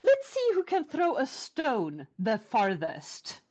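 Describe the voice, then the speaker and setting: A woman's voice: a little high, huge pitch swings, takes it slowly, a little mellow, full character voice. A woman voicing a brave, boastful young farm boy who defies a troll. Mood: cocky. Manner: boastful and defiant. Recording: dull lo-fi sound.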